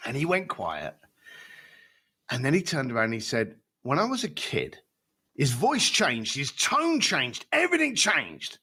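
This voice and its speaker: A man's voice: mid-range voice, wildly swooping pitch, unhurried, bright, forceful tone, breathy edge. A man as a podcast guest, telling stories with animation and acting out the voices of people he quotes. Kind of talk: storytelling in a podcast interview.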